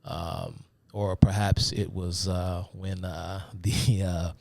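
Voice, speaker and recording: Male host, casual lecturer who wanders and fills pauses; very low voice, dry close recording. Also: flat delivery, creaky, darkish tone, dry recording. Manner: rambling, many fillers, addresses viewers as y'all. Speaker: host of a live talk stream. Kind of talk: casual live-stream lecture.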